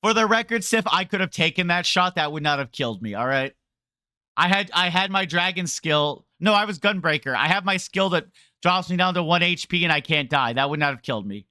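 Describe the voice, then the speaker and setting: A man's voice: sits high, lively intonation, a little fast, bright, forceful tone, dry recording, studio quality. A man streaming a game, ranting to his chat in a rambling, sarcastic way. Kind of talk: casual game rant to chat.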